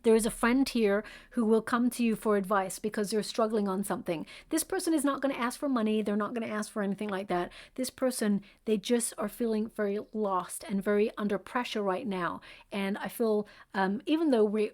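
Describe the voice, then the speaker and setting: A woman's voice: medium pitch, darkish tone. A woman giving a spoken tarot reading, talking in a soothing, reassuring way with frequent fillers and check-ins to the listener. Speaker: tarot reader.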